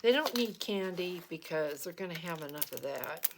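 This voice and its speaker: A woman's voice: on the low side, normal speed. A middle-aged woman chatting and telling stories while she crafts, acting out what people said. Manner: chatty storytelling, lively quoted voices. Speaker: crafting vlogger. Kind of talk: casual chat while crafting. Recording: noticeable background noise.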